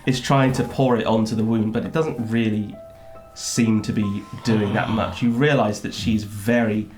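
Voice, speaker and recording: A man running a tabletop game, narrating haltingly with many ums and laughs. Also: fairly low pitch, fairly even intonation, a little mellow, faint music behind. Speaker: game master.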